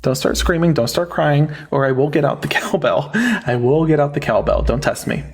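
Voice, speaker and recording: A man's voice: on the high side, expressive, moderate pace, creaky, breathy edge. A young man hosting a live online debate, mocking and sarcastic, often cutting his guests off. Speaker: livestream debate host.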